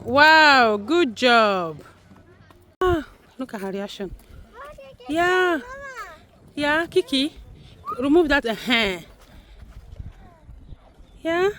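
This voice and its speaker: A woman's voice: sits high, sing-song, extremely slow, long pauses, sharp tone, a little hiss or hum. A mother filming her children outdoors at a zoo, cheering and encouraging them in a casual family vlog. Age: adult parent. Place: outdoor zoo with a crowd around.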